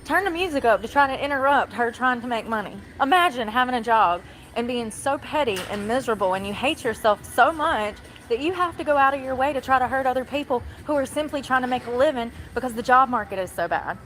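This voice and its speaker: A woman's voice: high-pitched, expressive, fast talker, a bit bright, slight background noise, poor audio. Woman rambling on a live stream in a store. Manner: rambling, talks to chat, complains. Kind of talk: live stream while shopping. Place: large retail store.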